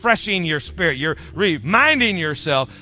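A man preaching a sermon as pastor, in a rhythmic style that drops soft at phrase ends and leads the congregation in repeating lines. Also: on the high side, sing-song, moderate pace. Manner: leads congregation in call-and-response.

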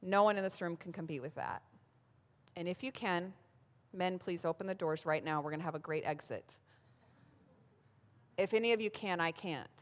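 A woman's voice: lowish voice, moderate pace, long pauses. A woman, preaching a sermon in a humorous, self-mocking storytelling way. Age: 30s. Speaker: pastor speaking at a women's gathering. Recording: long hall reverb.

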